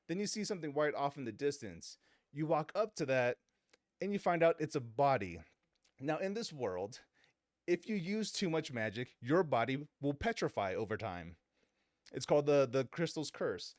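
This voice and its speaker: A man's voice: mid-range voice, big pitch swings, fairly quick, a little mellow, dry recording, clean studio sound. A man hosting a podcast, casually and animatedly retelling a video game story, laughing often and swearing casually. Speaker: podcast host.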